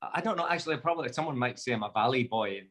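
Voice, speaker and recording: A man's voice: mid-range voice, animated, very fast, a bit bright. A man, a guest chatting casually and joking at his own expense on a video call.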